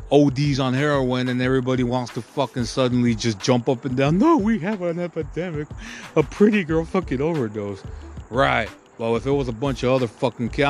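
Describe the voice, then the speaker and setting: A man's voice: mid-range voice, slight background noise. A man hosting a podcast, ranting crudely and heatedly in a rambling monologue full of filler and profanity. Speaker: podcast host.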